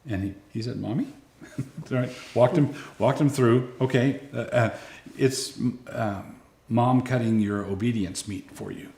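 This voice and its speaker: A man's voice: mid-range voice, steady tone, unhurried, darkish tone. An older man, a grandfather, explaining parenting practice casually, with hesitations and restarts. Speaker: parenting speaker. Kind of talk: casual conversational advice. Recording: roomy echo.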